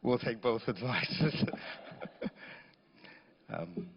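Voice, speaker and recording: A man giving a funeral eulogy, speaking gently and fondly as he recalls a visit. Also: medium pitch, animated, very slow, slight background noise. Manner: gentle, reminiscing, warm toward the widow. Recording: echoey hall, dull lo-fi sound.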